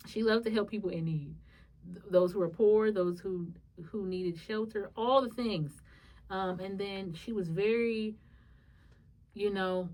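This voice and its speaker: Recorded from a distance, a woman on her solo podcast recounts something personal, casual and full of feeling. Her "y'all" talk to the audience swings from gentle pondering to sudden bursts of high excitement.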